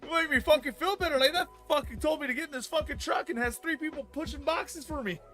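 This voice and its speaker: A man in his thirties telling a long work story on a stream, profane and rambling, growing loud and heated as he goes. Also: very high-pitched, quick pace, soft background music. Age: 30s. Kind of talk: casual storytelling chat.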